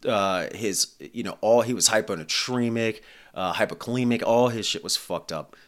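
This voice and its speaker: An adult man hosts his own podcast, delivering a blunt, profane, rambling and casual monologue. His voice sits on the low side with a fairly bright tone, and his pace is moderate.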